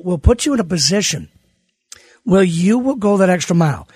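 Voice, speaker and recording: Middle-aged man, radio guest, high husky voice, dry sound, emphatic delivery. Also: no room sound. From United States. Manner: animated, emphatic, repeats words when restarting. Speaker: teacher and author, guest. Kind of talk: radio interview guest, casual chat.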